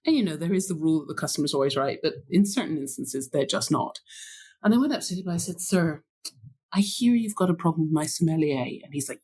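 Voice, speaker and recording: A middle-aged woman, a former sommelier, telling lively anecdotes in an interview, laughing often and acting out the lines she quotes. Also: deep voice, fast, slightly rough. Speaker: wine buyer and former sommelier. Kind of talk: storytelling interview chat.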